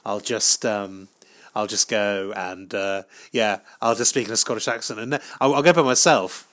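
A man with a lowish voice talks alone into a podcast mic, spinning absurd tangents with a straight face. He stumbles and restarts often, poking fun at himself as he goes. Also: moderate pace. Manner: deadpan, self-mocking, hesitant with many restarts. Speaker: podcast host. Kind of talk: rambling solo comic monologue.

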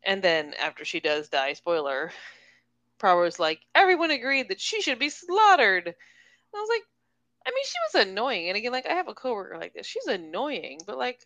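Woman, animated chat, voice swinging up and down, dry close sound, acts out quotes. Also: fairly low pitch, moderate pace, no echo. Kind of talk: casual book discussion.

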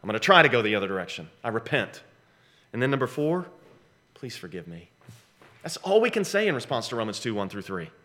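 A middle-aged man preaches with a bright, forceful voice. He drives points home through repetition, slowing down to land key phrases. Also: mid-range voice, sing-song. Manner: emphatic preaching with dramatic slowdowns and repeated phrases. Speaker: pastor. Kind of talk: sermon.

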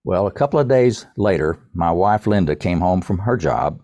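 Older man, low voice, folksy storyteller. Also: lively intonation, mellow, no echo. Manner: folksy, unhurried, addresses the host by name. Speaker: podcast guest. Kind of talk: casual storytelling.

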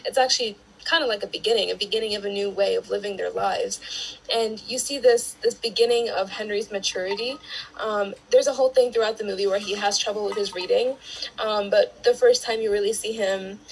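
A woman guest on a podcast, giving thoughtful views on a film with frequent filler pauses. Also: mid-range voice, steady tone, creaky, rough recording. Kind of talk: casual film discussion.

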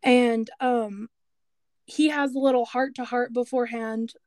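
Chatty high-voiced woman recapping a show. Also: unhurried, no room sound. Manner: chatty, retells scenes with animated quoted voices. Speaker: podcast co-host. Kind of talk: casual chat recapping a TV show.

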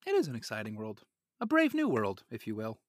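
A man co-hosting a comic podcast, an animated and joking storyteller with crude humor. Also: lowish voice, a little fast, no room sound, clean studio sound. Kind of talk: casual podcast banter.

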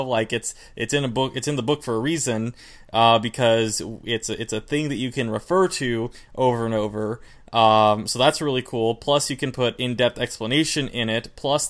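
Laid-back man co-hosting a podcast. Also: medium pitch. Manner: relaxed, rambling, many fillers like "like" and "kinda". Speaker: podcast co-host and vocal coach. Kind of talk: casual chat.

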